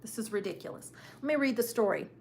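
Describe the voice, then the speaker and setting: Lady doing casual cruise news chat, kinda high voice, repeats herself a lot, laughs easy. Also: lively intonation, fast talker. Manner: chatty, repeats phrases for emphasis, laughs often. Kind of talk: casual live-stream commentary.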